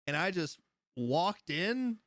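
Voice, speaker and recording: A male livestream host speaks slowly in a high, sing-song, somewhat bright voice that's slightly raised, with his energy running high. He's an easygoing storyteller who rambles, laughs often, and replies to chat in casual conversation, and the recording is dry.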